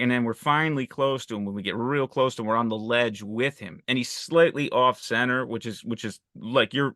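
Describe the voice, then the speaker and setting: A man's voice: mid-range voice, a bit bright, no room sound, clean studio sound. A man talking about a film on a podcast, enthusiastic, restarting his sentences and speeding up in bursts. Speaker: podcast co-host. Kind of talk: casual film discussion.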